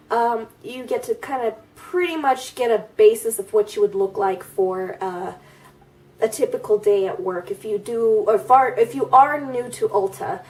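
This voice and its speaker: A woman in her thirties talks through her routine in a loose, rambling way, full of fillers and restarts. Her voice is somewhat high and a little nasal and stuffy from a cold. She sits a bit back from the mic. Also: a little mellow, distant mic. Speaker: beauty vlogger. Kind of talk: casual get-ready-with-me chat.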